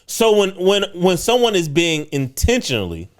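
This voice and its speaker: Brief: male podcast co-host, fairly high voice, swings his pitch a lot, preachy and emphatic. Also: wildly swooping pitch, normal speed. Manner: emphatic, preachy, leans on "right?". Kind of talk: casual podcast talk.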